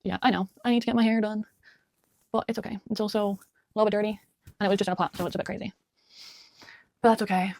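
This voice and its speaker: A woman's voice: mid-range voice, darkish tone, no echo. A woman chatting casually at home while doing her makeup, muttering little asides to herself as she works. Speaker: beauty vlogger. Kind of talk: chatty get-ready-with-me talk.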